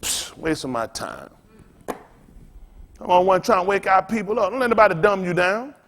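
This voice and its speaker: A male pastor with a notably high-pitched voice preaches in an informal, rambling way. He is blunt and freely profane, trading call-and-response with the congregation as he goes. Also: big pitch swings, normal speed, fairly bright tone, a little hiss or hum.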